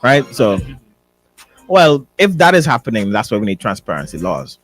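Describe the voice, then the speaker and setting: A man's voice: lowish voice, sing-song, moderate pace, no echo, faint music behind. A man hosting a morning talk radio show, reading listener questions aloud. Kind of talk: casual talk radio banter.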